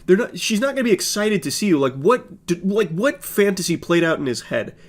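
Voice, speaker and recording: A man giving sarcastic commentary on messages he reads out, with a deadpan, mocking delivery. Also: sits high, fairly quick.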